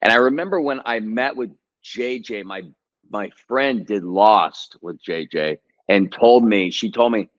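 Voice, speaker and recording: A man in his thirties, an actor and guest, talking casually and telling a story in a halting, hesitant way. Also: fairly low pitch, muffled recording. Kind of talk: casual chat.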